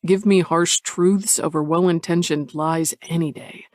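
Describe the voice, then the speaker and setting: A man reading a romance audiobook in the first person, measured and introspective. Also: on the high side, steady tone, dry recording, clean studio sound. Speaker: audiobook narrator. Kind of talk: first-person scripted narration.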